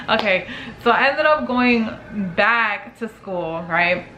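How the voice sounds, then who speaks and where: Brief: young woman vlogger, chatty storyteller, bright forceful tone, roomy home echo. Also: fairly high pitch, animated, takes it slowly, slight background noise. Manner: chatty, filler-heavy, swears casually, acts out quotes. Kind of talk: casual storytelling to camera. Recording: echoey room with faint ambience.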